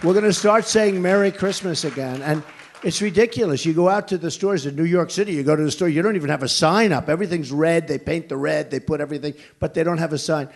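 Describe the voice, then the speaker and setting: An older man on the stump at a rally, hammering his points with blunt repetition. He talks conversationally, wandering into asides before circling back. His voice sits slightly high for a man. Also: quick pace. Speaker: political candidate. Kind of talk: campaign rally speech answering questions.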